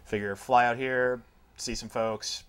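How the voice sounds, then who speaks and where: A man's voice: mid-range voice, steady tone, a little slow, a bit bright, clear, resonant tone. Laid-back, dry-humored male podcast guest. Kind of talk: casual podcast chat.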